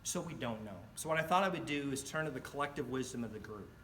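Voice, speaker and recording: A middle-aged man telling a personal story in a club speech, animated and acting out the voices of the people in it. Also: medium pitch, fast talker, a little hiss or hum. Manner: animated, acts out quoted voices. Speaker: club speaker.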